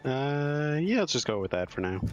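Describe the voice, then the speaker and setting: A man playing a tabletop game, speaking hesitantly with frequent pauses. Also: medium pitch, very animated, lo-fi sound, soft background music. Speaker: player. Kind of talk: casual tabletop game play.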